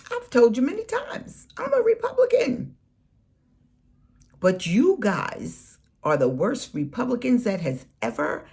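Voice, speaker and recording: A woman delivering an impassioned, scolding political rant in a vlog, preaching and swinging between soft and loud. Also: a little high. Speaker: political commentary vlogger.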